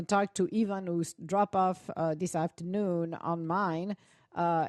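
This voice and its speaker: Animated woman chatting, lively pitch. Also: no room sound, studio quality. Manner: animated, laughs often, restarts sentences. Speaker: host of an audio chat room. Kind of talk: casual chat.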